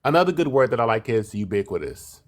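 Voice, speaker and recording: A man's voice: mid-range voice, big pitch swings, fast talker. A man co-hosting a live stream in casual chat, playful, who acts out quotes in a raised voice. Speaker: livestream co-host.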